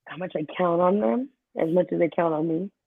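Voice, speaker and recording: A woman with a husky, creaky, fairly low voice talks a little fast as she tells animated stories about her middle school students in a casual interview. She is from the Kansas City area in the US, laughs a lot and acts out the students' voices. The recording is dry and tinny, like a phone call.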